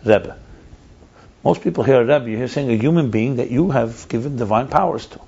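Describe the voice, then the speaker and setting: A man's voice: mid-range voice, quick pace, gravelly, dark tone, husky. A man explaining ideas in a conversational teaching style, emphatic and repeating his key points. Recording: dull lo-fi recording.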